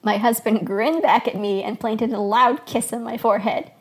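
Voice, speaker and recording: A woman's voice: a little high, steady tone, moderate pace, husky. A woman podcast host reading her own story aloud as scripted narration.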